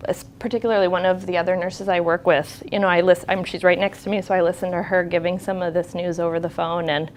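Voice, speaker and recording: Low-voiced woman nurse, conversational. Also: flat delivery, fast, few pauses, slight background noise. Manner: conversational, reflective storytelling. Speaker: nurse at a fertility clinic. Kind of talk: candid talk to an audience.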